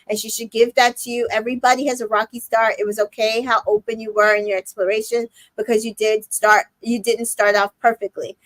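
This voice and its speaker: A woman hosting a casual recap chat, animated and profane, acting out quotes from the show. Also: on the high side, a little fast, hardly any pauses, no room sound, poor audio.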